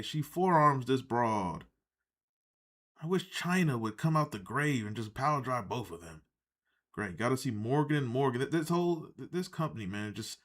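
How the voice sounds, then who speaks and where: A man hosting a live stream, reacting in a loose, rambling way, sarcastic and quick to swear. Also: medium pitch, a bit bright. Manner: ranting, sarcastic, swears often, rambling asides. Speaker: livestream host reacting to wrestling. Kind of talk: casual live reaction commentary.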